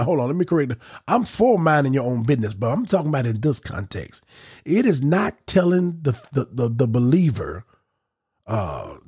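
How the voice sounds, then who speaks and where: A man's voice: fairly high pitch, vocal fry, darkish tone, husky. A man hosting a podcast, preaching in a conversational, folksy way with emphatic repetition and casual asides.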